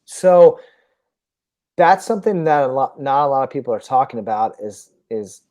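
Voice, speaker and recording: Mellow-voiced man, casual podcast host. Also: mid-range voice, expressive, normal speed. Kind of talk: casual market discussion.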